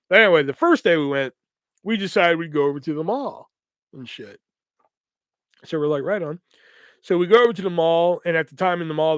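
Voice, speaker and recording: A young man telling a long, profane, rambling story on his podcast, acting out the people in it with quick voices. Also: fairly high pitch, dry recording. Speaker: podcast host. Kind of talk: casual storytelling.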